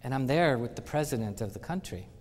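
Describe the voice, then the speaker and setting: A conference speaker tells animated stories in a conference hall, acting out the quotes. His medium-pitched voice moves at a quick pace, and the recording carries the hall's reverb.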